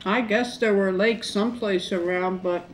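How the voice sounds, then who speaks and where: A woman's voice: medium pitch, fairly even intonation, normal speed. A middle-aged woman chatting casually to camera during a mukbang, rambling and folksy. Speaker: mukbang vlogger. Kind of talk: casual chat to camera while eating.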